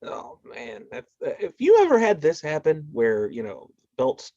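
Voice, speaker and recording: A man's voice: on the high side, wildly swooping pitch, measured pace, dark tone, dry recording. A man, a wrestling referee co-hosting a podcast, chatting casually and cheering on his co-host with short, laid-back comments. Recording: dull lo-fi podcast mic.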